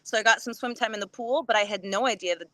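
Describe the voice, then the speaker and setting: A woman with a bright, ringing, fairly high voice tells a story in casual podcast chat. She animates it, leaping up in pitch whenever she acts out what someone said, and laughs often. The sound is close and dry. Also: fast, no room sound. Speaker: podcast guest.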